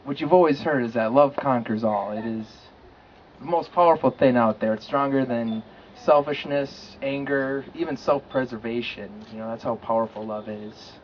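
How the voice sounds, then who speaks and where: A man speaking unscripted wedding vows as the groom, halting and choked up, with many "uh"s at an outdoor lakeside ceremony. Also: mid-range voice, highs cut off, a little hiss or hum. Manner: halting and emotional, many fillers. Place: outdoors by a lake.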